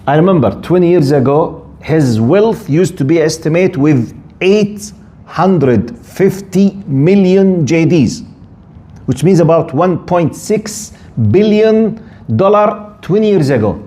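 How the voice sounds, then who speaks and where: A middle-aged Islamic scholar whose first language is Arabic gives a tafsir lesson in English, slowly and as an animated storyteller, mixing Arabic phrases into his stories. His voice sits a little high and swings widely in pitch as he animates each point.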